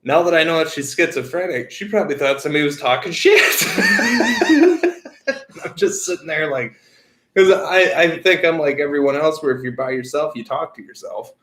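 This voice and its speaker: A young man co-hosting a podcast, telling stories in a profane, animated way. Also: fairly high pitch, moderate pace, reverberant, a little hiss or hum. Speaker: podcast co-host. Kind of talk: casual chat.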